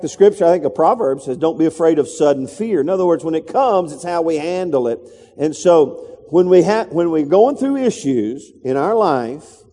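A male pastor preaching a sermon, getting the congregation to repeat phrases back and jumping into high-pitched voices when he acts out a scene. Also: warm tone, big-room sound.

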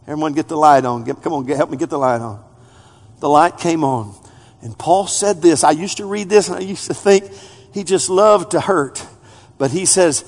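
High-voiced preaching man in a reverberant hall. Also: moderate pace. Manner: preaching, swinging from loud emphatic peaks to low quiet asides. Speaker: pastor. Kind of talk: sermon. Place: church sanctuary.

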